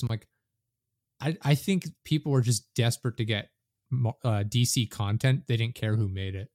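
A man hosting a casual podcast, blunt and opinionated but relaxed in his delivery. His voice is recorded dry and close, with little room sound around it. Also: medium pitch, normal speed, no echo. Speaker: podcast host.

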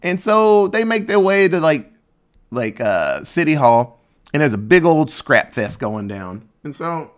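A man's voice: fairly high pitch, sing-song, unhurried. A man casually recapping a movie plot in a rambling, sarcastic way, swearing freely.

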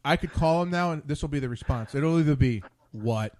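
A man's voice: on the high side, fast talker, darkish tone. Rambling male talk-show host. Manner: rambling, restarts and tangents. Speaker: podcast host. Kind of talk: casual late-night chat.

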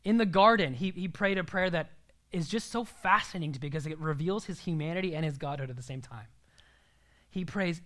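A man's voice: a little high, fairly quick, fairly bright tone. A young man preaching a sermon in an earnest, emphatic way, sometimes dropping to a near-whisper.

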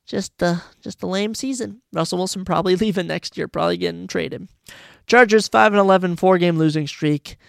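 Gravelly-voiced man grumbling through a sports recap. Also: high voice, fairly quick, a bit bright, dry recording, clean studio sound. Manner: rambling, grumbling and sarcastic. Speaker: podcast host. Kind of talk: solo sports podcast recap.

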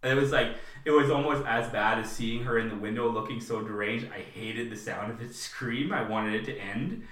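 A man co-hosting a podcast, chatting casually and acting out film lines in a high voice. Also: normal speed, fairly bright tone. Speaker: podcast co-host. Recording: roomy, distant mic.

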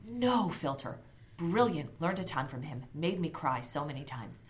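Woman, 30s, podcast co-host; low, animated voice, blunt and salty. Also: moderate pace. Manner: blunt, swears freely, animated storyteller. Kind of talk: casual chat.

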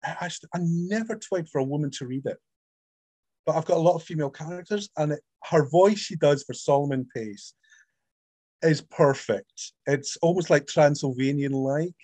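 A middle-aged Scottish man with a Scottish accent talks at a moderate pace in a voice on the high side, recorded without echo. He's an author guest in a casual interview, telling stories animatedly and acting out the voices he quotes.

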